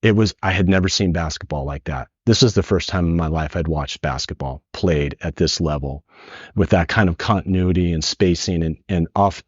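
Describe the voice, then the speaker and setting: Middle-aged man, podcast guest, earnest storytelling, low-ish voice, dry lo-fi audio. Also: no echo. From San Francisco. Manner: earnest, animated retelling with acted quotes. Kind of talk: emotional storytelling.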